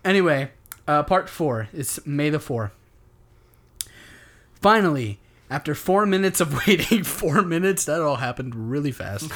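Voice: mid-range voice, expressive, unhurried. A storyteller reading a silly story aloud to friends, often breaking into giggles. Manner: giggly, keeps breaking into laughter.

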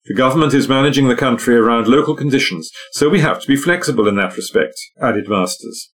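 A man's voice: mid-range voice, quick pace. Man reading a news article aloud. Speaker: newspaper article reader.

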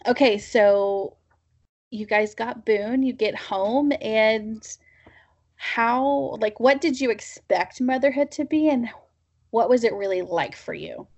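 A woman's voice: fairly high pitch, takes it slowly, dull audio. Encouraging woman podcast host. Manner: warm, encouraging, affirming interviewer. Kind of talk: casual interview chat.

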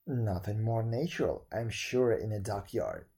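A man voicing a calm, kindly man who forgives easily and laughs heartily, in a storybook reading. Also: on the low side, unhurried, gravelly, breathy edge, pitched below the performer's own voice, full character voice. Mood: mild.

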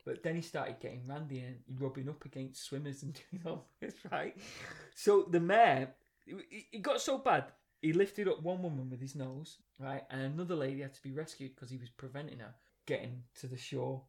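A man co-hosting a podcast tells stories in a casual chat, full of energy and laughing often. His medium-pitched voice moves at a moderate pace with few pauses.

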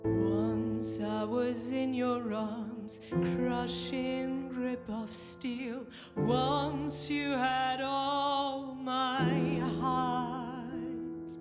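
Wistful lounge singer, flat held melody, very slow. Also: female voice, high-pitched, over loud music. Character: sorrowful female lounge singer at a piano. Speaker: singer in a video game. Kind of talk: slow sung ballad. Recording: song from a game in a long reverberant space.

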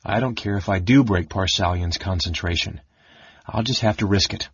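A man voicing an excitable little male kender trapped as a mouse, talking in a high, eager, chatty way. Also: normal speed, husky, no room sound, far from the mic. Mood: wondering. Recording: dull lo-fi audiobook recording.

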